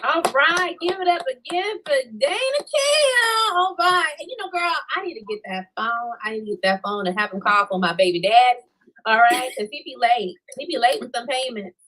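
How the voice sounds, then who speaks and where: A woman emceeing an online event, telling a funny story with lively banter over a video call. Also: sits high, normal speed, poor audio. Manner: lively storytelling with acted voices.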